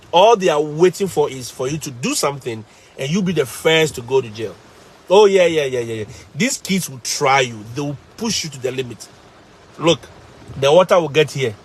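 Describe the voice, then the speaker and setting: A man with a Ghanaian English accent, working as a teacher, tells his stories to live viewers. He speaks in a slightly high voice. His delivery is animated and emphatic, and he repeats phrases to drive each point home. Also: slightly rough. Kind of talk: casual storytelling to live viewers.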